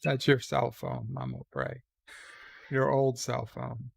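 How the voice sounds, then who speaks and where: A man hosting a casual live stream from bed, reading out chat messages in a slow, halting way with dry, irreverent remarks. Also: medium pitch, level tone, gravelly. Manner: slow, halting, with many pauses and fillers; wry and irreverent. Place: lying in a bed.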